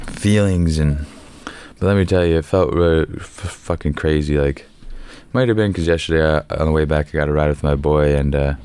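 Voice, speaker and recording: A young man hosts his own podcast and talks alone in a loose, profane, rambling way. His voice sits very low and stays smooth and resonant. Now and then he breaks into sudden loud bursts. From Canada. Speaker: podcast host. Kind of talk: casual solo podcast monologue.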